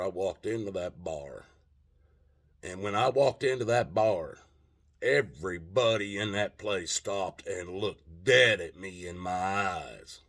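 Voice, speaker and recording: A man's voice: deep voice, vocal fry, a bit bright. A man telling a long personal story in a casual, rambling way, with frequent restarts and plenty of swearing.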